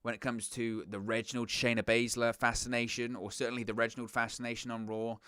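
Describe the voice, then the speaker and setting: Guy ranting sarcastically on his reaction vlog, clear voice, mid pitch. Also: little pitch movement, fast talker, fairly bright tone, no room sound, studio quality. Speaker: wrestling reaction show host. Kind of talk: casual reaction commentary.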